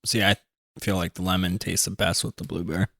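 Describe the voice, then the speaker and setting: Low-voiced playful man, dry sound. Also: little pitch movement, fast, vocal fry, a bit bright, no room sound. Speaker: co-host. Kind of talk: casual chat, tasting cookies.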